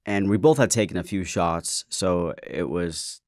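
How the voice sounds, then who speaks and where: A man's voice: low voice, measured pace, darkish tone, no echo, clean studio sound. A man hosting his own show, telling a personal story in a candid, casual way, swearing and stammering as he goes. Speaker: podcast host.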